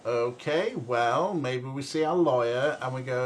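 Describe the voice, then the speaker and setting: A man's voice: mid-range voice, unhurried, a little hiss or hum. A young man casually commentating a game, rambling and joking and laughing often. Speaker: let's play streamer.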